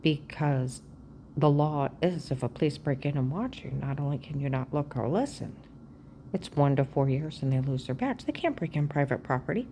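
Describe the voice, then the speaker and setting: A woman talking straight at the camera in a rambling personal monologue, agitated and aggrieved, jumping from claim to claim and often dropping to a hushed, half-whispered voice. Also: deep voice, lively intonation, normal speed, a little hiss or hum. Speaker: vlogger.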